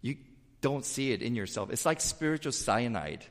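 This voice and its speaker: A male pastor preaches in a lively, emphatic way, stumbling over repeated words when he gets going. His mid-range voice carries a long reverb from the church hall. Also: medium pitch, normal speed. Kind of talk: sermon. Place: church sanctuary with pews.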